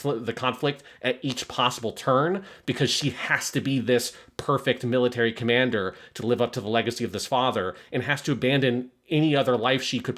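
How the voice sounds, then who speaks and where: Male co-host, casual and profane film analysis, mid pitch. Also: fairly bright tone. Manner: profane, impassioned analysis with acted quotes. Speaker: podcast co-host. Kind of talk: casual film review discussion.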